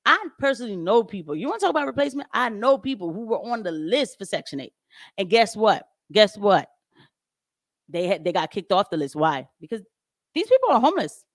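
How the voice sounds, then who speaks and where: With a medium-pitched voice full of big pitch swings, a young woman of Haitian descent hosts her livestream a little fast. Her commentary is casual, blunt, sarcastic, and laced with laughter, recorded clean in the studio with no echo.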